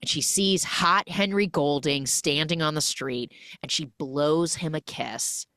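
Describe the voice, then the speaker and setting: A woman's voice: sits low, measured pace, no room sound, studio quality. A woman hosting a podcast, recapping a film in casual chat and acting out the characters as she goes. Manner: animated storytelling, acts out the characters. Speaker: podcast host.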